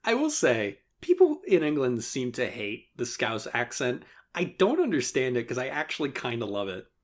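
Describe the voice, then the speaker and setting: Animated man chatting on a podcast. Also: medium pitch, moderate pace. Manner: animated, swearing, laughing often. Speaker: podcast co-host. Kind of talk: casual chat.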